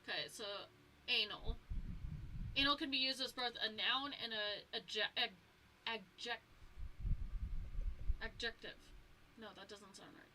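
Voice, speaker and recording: A woman's voice: fairly high pitch, moderate pace, background noise. A young woman streaming a game, chatting casually with viewers and reading lore aloud, stumbling over words as she goes.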